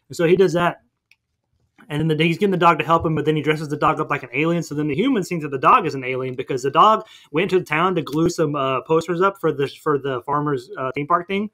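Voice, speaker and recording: A man in goofy, fast comedy-podcast mode, hurtling through a cartoon plot. His voice sits a little high and bright, with a forceful edge, and he keeps breaking into silly character voices. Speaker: podcast co-host. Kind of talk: casual comedic movie recap.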